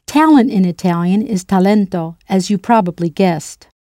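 Mellow woman teaching a language lesson. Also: medium pitch, lively intonation, normal speed, no echo, studio quality. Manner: clear, playful, spells words out letter by letter. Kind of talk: scripted lesson narration.

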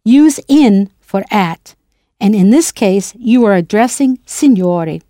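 Mellow woman teaching a language lesson. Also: mid-range voice, lively intonation, slow, no room sound, studio quality. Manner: clear, playful, spells words out letter by letter. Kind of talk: scripted lesson narration.

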